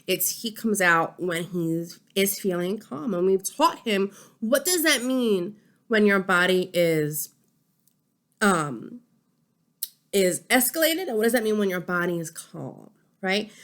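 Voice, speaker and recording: A woman in her thirties, a family support educator, giving a conversational lesson to parents and checking in often with "okay?" and "right?". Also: mid-range voice. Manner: warm conversational teaching, frequent "okay?" and "right?" check-ins. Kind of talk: instructional talk to parents.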